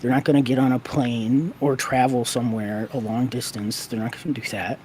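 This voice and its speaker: Mellow-voiced man chatting casually. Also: mid-range voice, flat delivery, brisk, a little hiss or hum. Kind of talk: casual chat.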